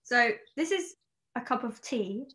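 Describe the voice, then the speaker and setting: A young British woman, an actress, chatting as a guest on a podcast in a soft, hesitant, modest way. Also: on the high side, lively intonation, measured pace. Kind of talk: casual interview chat.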